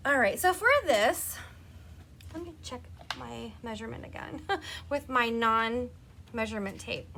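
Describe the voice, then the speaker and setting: Chatty woman doing a live craft demo, high bright voice, bit of background hiss. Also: measured pace, vocal fry, long pauses. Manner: chatty, laughs often, talks to viewers by name. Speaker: craft demonstrator on a live stream.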